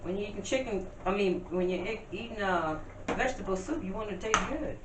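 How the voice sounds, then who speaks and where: A woman's voice: mid-range voice, a little fast, recorded from a distance. Woman, home cooking vlogger, casual chat to camera, roomy noisy kitchen. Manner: chatty, addresses viewers as y'all, talks while working.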